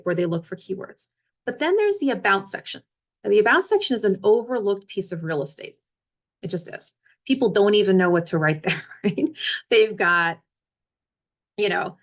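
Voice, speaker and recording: A woman presenting a career webinar as a resume coach, talking casually and checking in with her listeners often. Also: mid-range voice.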